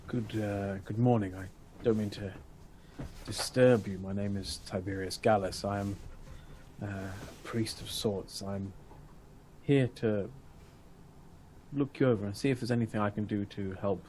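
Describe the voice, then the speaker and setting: Guy doing a calm dutiful priest, lowish quiet voice, faint noise behind. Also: close to an everyday voice. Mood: gentle. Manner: measured, formal and gentle.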